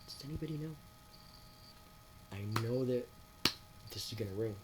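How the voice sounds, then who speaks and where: A man talking to his viewers in a rambling, preachy monologue. He asks them rhetorical questions and swings between loud outbursts and quiet mutters. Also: medium pitch, normal speed, very noisy. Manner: addresses listeners with rhetorical questions. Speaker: spiritual vlogger. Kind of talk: casual spoken monologue to viewers.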